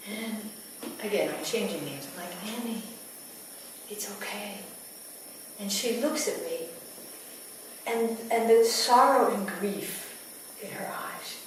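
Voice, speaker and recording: A midwife telling a story to a live audience, speaking slowly and intimately, often sinking to near whispers. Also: female voice, medium pitch. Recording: echoey room, distant mic, ambient noise.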